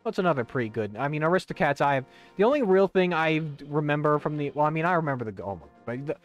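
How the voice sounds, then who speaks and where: The recording is muffled, and the young man's voice is a little high, expressive and quick. He rambles casually while streaming a video game, swearing plenty and restarting sentences between fillers, with faint game music behind him.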